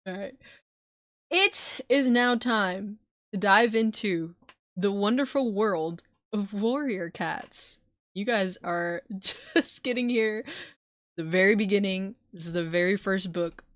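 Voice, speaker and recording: A woman streamer, not a native English speaker, talks casually to her chat with frequent laughs and swearing. Her voice sits in a middle pitch, recorded close and dry with little room sound. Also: a bit bright, no echo. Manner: loose, swearing, laughs often. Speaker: streamer reading a book aloud.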